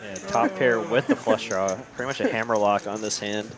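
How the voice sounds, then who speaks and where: Low-voiced man commentating poker. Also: steady tone, fairly quick, crowd noise. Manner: casual, conversational, with fillers.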